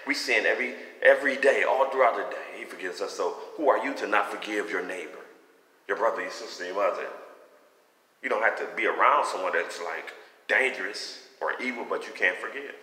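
A man's voice: on the low side, brisk, sharp tone. A man giving a personal faith testimony in a fervent, rambling, conversational preaching manner. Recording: echoey room with long reverb.

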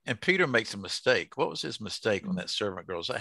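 A man's voice: on the low side, big pitch swings, a little fast, creaky, bright, forceful tone, no echo. A man, teaching a casual Bible study to an online group. He jokes and asks the group questions.

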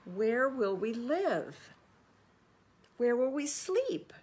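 A woman voicing a group of small young possum children in a storybook, with high, pleading little voices. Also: big pitch swings, very slow, darkish tone, full character voice. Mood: distressed.

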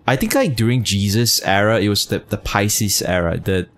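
At normal speed, a man with a fairly low-pitched voice offers casual commentary on a game he's streaming. He reads his chat and teases it, using plenty of fillers and curses.

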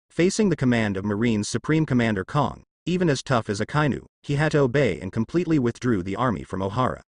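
A man narrating fan fiction as an audiobook in a steady storytelling manner. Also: medium pitch, brisk, hardly any pauses, no echo, studio quality.

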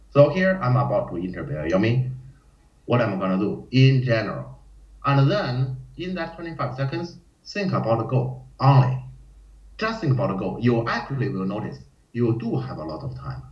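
A man teaching a Go lecture in non-native English, often acting out panicked players in a high voice. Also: very animated, moderate pace. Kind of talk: live-streamed lecture. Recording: roomy, dull lo-fi stream audio.

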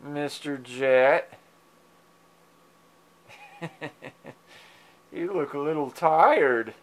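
This cat owner's voice is on the high side, with drawn-out words, as he talks casually and affectionately to his pets indoors at home. Filming on a handheld digital camera, he coaxes them, meows back, and chuckles softly.

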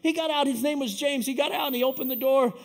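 A man preaching a sermon, telling stories in an easygoing way and building up to loud, fervent preaching. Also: extremely high pitch, steady tone, quick pace, gravelly. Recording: long hall reverb.

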